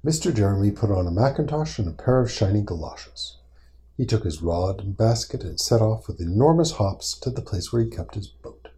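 Low, mellow-voiced dad reading aloud. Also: male voice, expressive, a little hiss or hum. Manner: gentle and patient, pausing to answer the child. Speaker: father reading a bedtime story. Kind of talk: reading aloud to a small child.

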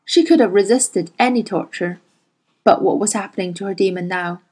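A woman whose first language is Chinese, reading a fantasy novel aloud in a slow, deliberate storytelling manner. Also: mid-range voice, a little mellow, husky. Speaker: audiobook reader.

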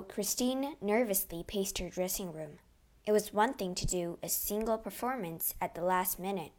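A woman narrating a children's storybook aloud in an expressive, dramatic way. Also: mid-range voice.

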